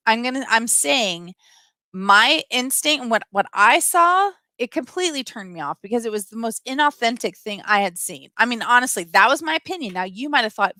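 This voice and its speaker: A middle-aged woman hosts a casual live stream and reads out comments from viewers. Her voice sits a little high and sounds bright and forceful, and her delivery is emphatic and opinionated. The recording is dry, with almost no room sound. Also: animated, fairly quick, dry recording.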